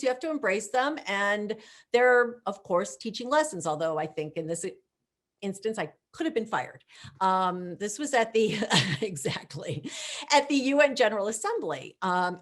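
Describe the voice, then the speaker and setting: A middle-aged woman from the United States, a guest at a virtual event, telling lively anecdotes and acting out the voices of people she quotes. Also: medium pitch. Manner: animated, acts out quoted voices. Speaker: guest speaker, former protocol chief. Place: video call.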